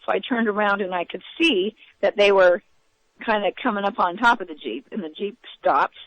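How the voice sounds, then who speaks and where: Woman giving a halting eyewitness account. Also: medium pitch, fairly bright tone, no echo. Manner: halting, with many fillers and restarts. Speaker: interview guest. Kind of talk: eyewitness account in a radio interview. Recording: dull, lo-fi radio audio.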